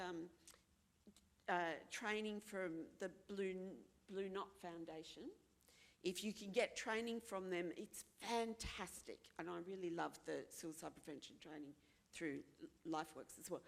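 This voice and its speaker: An Australian woman with a medium-pitched voice speaks frankly and earnestly at a forum held in a large hall. Her talk is candid and personal, and she repeats phrases for emphasis and acts out the voices of the people she quotes.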